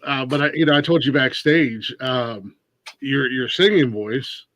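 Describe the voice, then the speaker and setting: A man's voice: mid-range voice, a little slow, a bit bright, no echo, lo-fi sound. A man from Ohio hosting a casual podcast interview, rambling with many restarts and fillers. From Ohio, USA. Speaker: podcast host.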